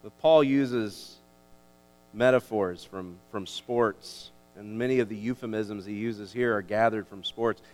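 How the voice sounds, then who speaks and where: A man preaching a sermon as a pastor, emphatic and animated, often restarting his words. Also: fairly low pitch, measured pace, faint music behind. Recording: long hall reverb.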